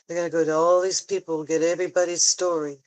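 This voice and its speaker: A woman talking tearfully in a personal vlog, halting and sighing often, frank and swearing at times. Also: fairly low pitch, flat delivery, a little mellow, rough recording. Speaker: vlogger.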